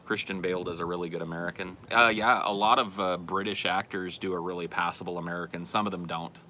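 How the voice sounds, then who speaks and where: Deep-voiced rambling man, bright tone. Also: fairly even intonation, quick pace, a little hiss or hum. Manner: rambling, self-correcting, conversational. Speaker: podcast host reading chat questions. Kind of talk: casual livestream chat.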